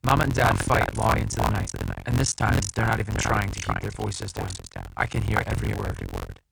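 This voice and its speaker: Gravelly male audiobook narrator. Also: lowish voice, fairly even intonation. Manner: measured, tense, dramatic reading. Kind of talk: first-person audiobook narration. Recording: loud background hiss.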